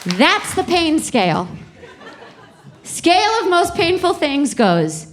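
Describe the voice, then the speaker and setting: A young woman doing a stand-up set on a comedy club stage with a handheld mic, talking in a conversational, profane way and building up to shouted punchlines. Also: very high voice, big pitch swings, slow, a crowd in the background, noisy background. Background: audience laughter.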